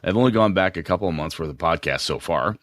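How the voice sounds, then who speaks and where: Deep-voiced man who rambles and hedges. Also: expressive, quick pace, fairly bright tone, no room sound, studio quality. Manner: rambling, hedging, with many restarts. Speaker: podcast co-host. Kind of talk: casual podcast chat.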